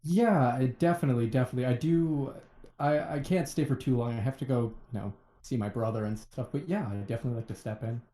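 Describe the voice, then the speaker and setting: A laid-back man playing in a tabletop game, stumbling over his words as he speaks. His voice sits at a medium pitch and rings a little in the room. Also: fast talker, mellow, roomy sound. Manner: easygoing, stammering. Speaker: player.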